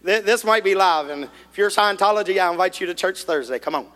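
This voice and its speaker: A man preaching a sermon, telling a folksy story in an animated way that rises into shouts. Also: high-pitched, a little fast. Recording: echoey hall reverb.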